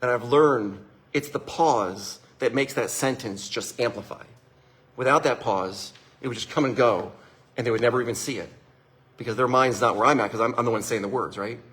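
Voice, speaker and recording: A middle-aged man hosting a casual motivational talk, an animated storyteller who acts out family conversations. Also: mid-range voice, normal speed. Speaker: host.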